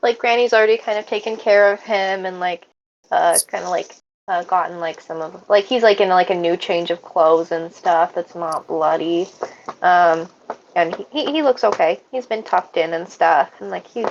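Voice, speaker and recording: A woman narrating as game master of a tabletop game, halting with many fillers. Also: on the low side. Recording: dull lo-fi mic with faint noise.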